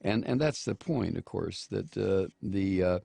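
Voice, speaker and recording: A man's voice: deep voice, a little slow, creaky, mellow, husky, dry recording. A male radio talk show host giving angry political commentary, scornful and name-calling, mocking quotes in a raised voice.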